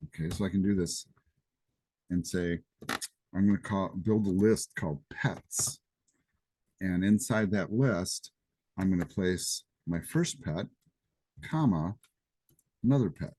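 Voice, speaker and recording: A man's voice: sits low, takes it slowly, long pauses, warm tone, slight background noise. A man teaching a live programming class, chatty and casual with asides. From Greece. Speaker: programming instructor. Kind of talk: live class lecture with coding demo. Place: classroom or office during live session.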